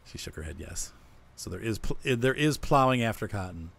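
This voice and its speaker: A man's voice: fairly low pitch, expressive, brisk, gravelly, a bit bright, slight background noise. A man hosting a co-op farming game, casually explaining his plans as he plays. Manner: explains plans while playing. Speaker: let's-play host. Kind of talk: casual gameplay chat.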